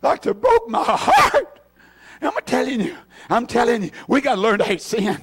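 A man preaching an impassioned sermon in a church, tearful, swinging from shouts to hushed asides. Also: very high-pitched, huge pitch swings, moderate pace, creaky, husky. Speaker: pastor.

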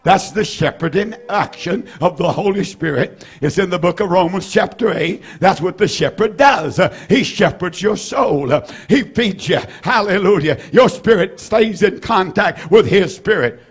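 A man in his seventies preaching an evening sermon in a fervent, repetitive way with bursts of shouting and frequent "uh" fillers. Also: high-pitched, animated, normal speed, few pauses, slightly rough. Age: 70s.

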